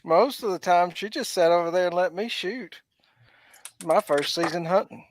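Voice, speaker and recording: A man's voice: sits high, moderate pace, slight background noise. Guy from georgia, laid back, just chatting plain. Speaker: guest. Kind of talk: casual chat.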